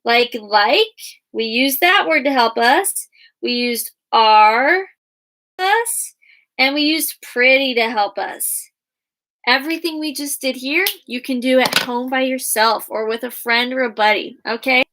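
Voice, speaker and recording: Slow, bright-voiced kindergarten teacher woman. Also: high voice. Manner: slow, sing-song teacher voice, spelling words out letter by letter. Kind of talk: guided reading and writing lesson for young children.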